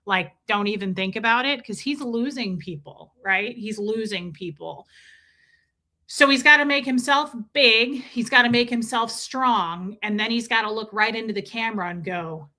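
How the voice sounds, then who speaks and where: Middle-aged woman host, casual live commentary, bright clear voice, emphatic and repetitive, greets chatters mid-sentence. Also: fairly high pitch, moderate pace. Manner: emphatic, repeats herself, breaks off to greet viewers. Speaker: livestream host reading chat.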